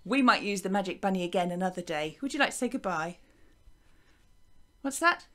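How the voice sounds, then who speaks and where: A woman teaching a recorded music lesson for young children, lively and encouraging in a sing-song teacher voice. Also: mid-range voice, fairly quick. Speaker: primary school teacher.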